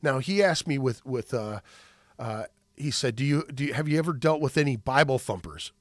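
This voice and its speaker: A man hosting a podcast in casual chat, talking haltingly with many restarts. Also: mid-range voice, lively intonation, dry recording, clean studio sound. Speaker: podcast host.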